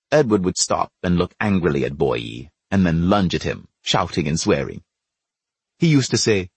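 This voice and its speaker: Husky low-voiced guy reading a story aloud, dry close sound. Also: big pitch swings, no echo. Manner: measured, storytelling. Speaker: narrator. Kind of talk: audiobook narration.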